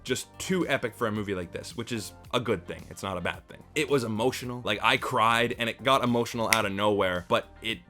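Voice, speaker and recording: A man's voice: on the low side, a little fast, few pauses, bright, forceful tone, faint music behind. A young man reviewing a movie for his channel, talking straight to viewers in an enthusiastic, emphatic way. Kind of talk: casual movie review to camera.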